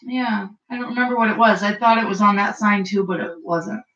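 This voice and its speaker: A woman's voice: mid-range voice, a little fast, a crowd in the background. A woman talking casually and affectionately with her partner at home, off to the side of his live stream. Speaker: host's partner. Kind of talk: casual conversation. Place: indoors at home. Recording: distant, roomy, muffled, faint hiss.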